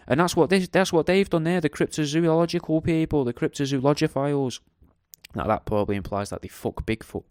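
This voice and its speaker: A man's voice: fairly high pitch, a little fast, a little mellow, dry recording, studio quality. A middle-aged man hosts a radio show, rambling in a jokey, crude, digressive way and tagging questions onto his lines. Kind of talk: casual rambling monologue.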